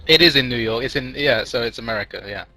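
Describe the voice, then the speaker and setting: Brief: man telling a long joke to friends, rambling, mid-pitched. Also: fast, over a noisy crowd, poor audio. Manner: rambling, many fillers and restarts, laughing.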